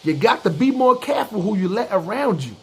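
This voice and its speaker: A man's voice: high-pitched, sing-song, brisk, a bit bright, a little hiss or hum. A man hosting a podcast, delivering a comedic, preachy street-talk rant full of profane slang and aimed straight at his listeners. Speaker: podcast host.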